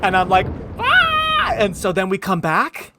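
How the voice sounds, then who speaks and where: A man's voice: high voice, steady tone, moderate pace, heavy background noise. A man in his thirties hosting a podcast, gushing as he recaps a TV episode and acts out its lines. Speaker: podcast host. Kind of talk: casual chat recapping a TV show.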